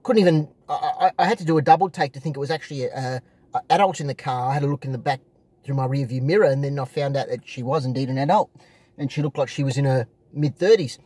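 A man's voice: mid-range voice, quick pace, dark tone, slightly rough, no room sound. A man talking casually to his viewers from inside his parked car, rambling and repeating himself with many fillers. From Australia. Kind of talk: casual vlog monologue.

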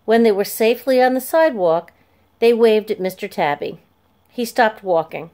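A woman's voice: fairly high pitch, moderate pace, a little mellow. Woman reading a children's story aloud. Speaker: narrator.

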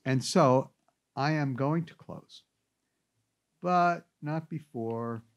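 A man's voice: mid-range voice, slow pace, dull audio. A man giving an anecdotal classroom lecture, telling stories with wry asides. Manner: animated storyteller with wry asides.

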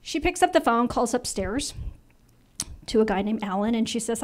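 A woman in her fifties giving a storytelling talk to an audience, animated and acting out dialogue as she goes. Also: on the high side, moderate pace. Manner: animated, acts out quoted dialogue. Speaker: invited speaker.

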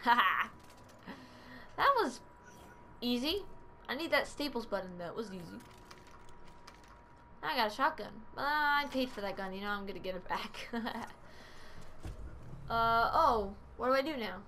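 A woman's voice: fairly high pitch, moderate pace, sharp tone, a little hiss or hum. A woman casually commenting as she plays a video game, chatty and giggly, often laughing and breaking into playful exclamations. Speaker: gaming channel host. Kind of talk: let's play commentary.

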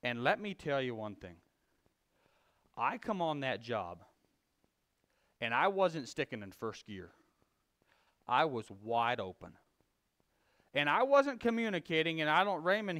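A man preaching a conversational sermon, telling a folksy story with frequent restarts and swinging between loud emphasis and quiet confession. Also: fairly high pitch, clean tone. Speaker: lay preacher.

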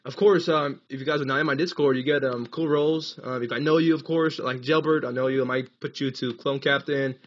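A man's voice: mid-range voice, fairly even intonation, a little fast, few pauses, muffled recording. A young American man chatting on a casual live gaming stream, rambling, laughing often and reading chat aloud. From United States. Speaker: livestreamer.

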